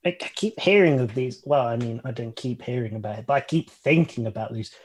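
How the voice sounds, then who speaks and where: A man's voice: medium pitch, brisk, darkish tone, husky. Man joking around as a tabletop player. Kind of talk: tabletop game chat.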